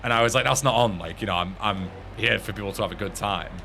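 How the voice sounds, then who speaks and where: Swearing English streamer, bright voice. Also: male voice, lowish voice, quick pace, vocal fry, a little hiss or hum. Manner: animated storyteller who swears freely. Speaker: streamer playing a game. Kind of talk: casual chat while gaming.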